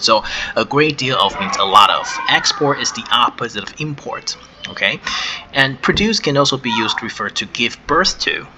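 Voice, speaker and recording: A man teaching English vocabulary in a recorded lesson, explaining each word patiently and repeating words slowly for pronunciation, with brief translations into Chinese. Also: medium pitch, noisy background.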